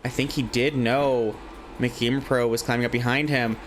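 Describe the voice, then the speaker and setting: A man casting a live online game tournament, giving chatty, excitable play-by-play and thinking aloud with questions. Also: medium pitch, moderate pace, a little hiss or hum. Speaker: esports caster.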